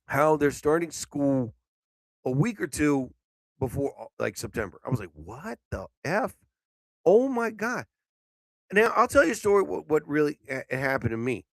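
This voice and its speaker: A man hosting a casual live stream show, sleepy and yawning, rambling with loud outbursts and swearing. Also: mid-range voice, vocal fry, dry recording.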